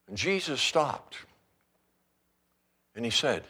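A man pastor preaching a sermon in an animated storytelling manner, acting out scenes as he goes. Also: mid-range voice, slow, pauses often, breathy edge.

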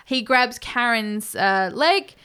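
A woman's voice: fairly high pitch, expressive, takes it slowly, bright, forceful tone, clean tone. A woman chatting casually as she recaps a horror film, laughing often and swearing freely.

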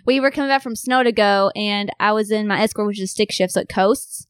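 A young woman co-hosting a podcast, telling old stories in a casual, giggly, animated way. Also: medium pitch, fast talker, clear, resonant tone, dry recording, clean studio sound. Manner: giggly, animated storyteller acting out quotes. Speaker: podcast co-host. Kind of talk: casual chat, reminiscing.

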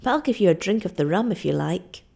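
A woman reading aloud and voicing a rough, hard-drinking male sailor who talks bluntly, loudly and mockingly. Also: on the low side, expressive, quick pace, heavily acted. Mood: boastful.

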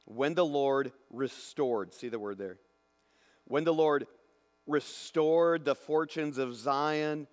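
A man preaching a lively sermon, acting out imagined voices and swinging between loud bursts and hushed asides. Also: on the high side, slow pace. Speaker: pastor. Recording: long hall reverb.

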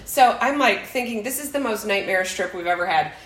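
Animated woman telling a family story. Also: mid-range voice, a little fast, echoey room, slight background noise, poor audio. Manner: animated, acts out quotes with laughter. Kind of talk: casual storytelling chat.

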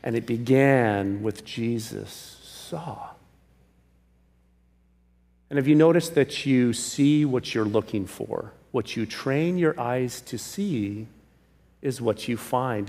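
A male pastor preaching a sermon, emphatic, swinging from loud calls to hushed pleas. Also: medium pitch. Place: church sanctuary. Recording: long reverb of a large hall.

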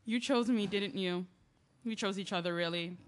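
Lightly acted and delivered at normal speed, a woman's mid-range voice narrates and leads an audio drama. Her character, a young woman in grief, shares her story through heartfelt confessional letters; the mood stays reflective, though she eventually escalates into yelling.

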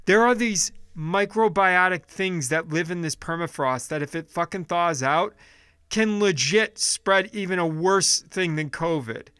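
A man's voice: sits high, measured pace, pushed and bright, smooth, dry recording, studio quality. A man delivering a blunt, profane, exasperated casual rant, often restarting his sentences.

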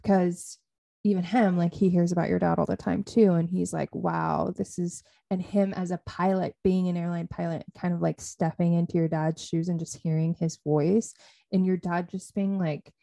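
A woman's voice: on the low side, flat delivery, normal speed, dark tone, no room sound. A young adult woman co-hosting a podcast, speaking heartfelt and gushing in casual chat, full of "like" fillers. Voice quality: heartfelt, lots of "like" fillers, vocal fry. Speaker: podcast co-host.

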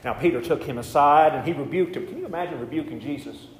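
Male pastor, somewhat high voice, chatty sermon with jokes, echoing church hall. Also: fast talker. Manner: conversational, joking asides. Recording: echoey hall with faint noise.

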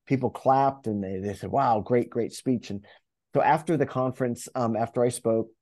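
A man who coaches and speaks in public, telling a story as an interview guest, animated and acting out his inner voice, with many restarts. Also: medium pitch, moderate pace. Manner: animated, acts out inner dialogue.

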